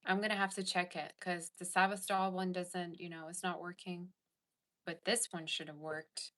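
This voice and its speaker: A woman's voice: fairly low pitch, level tone, normal speed, fairly bright tone. A woman hosting a casual tarot livestream, chatting and reading viewer comments aloud. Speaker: tarot reader and livestream host.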